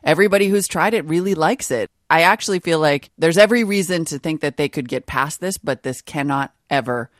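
A woman tech correspondent answering a host's questions in a lively, candid way. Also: low-pitched, fairly quick, hardly any pauses, dry recording, studio quality. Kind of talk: conversational interview.

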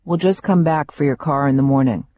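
A suave, worldly man of fine dining, smooth and sure of himself, as a woman narrator lightly puts him on. The voice stays mellow and close, in a dry recording. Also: deep voice, a little fast, no room sound. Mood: assured. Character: suave, worldly male food editor.

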